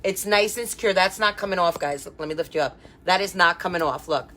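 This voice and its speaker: A woman's voice: on the low side, fairly quick, sharp tone. A woman who designs wreaths, hosting a chatty live craft tutorial and greeting her viewers by name. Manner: chatty and upbeat, many fillers and asides to viewers.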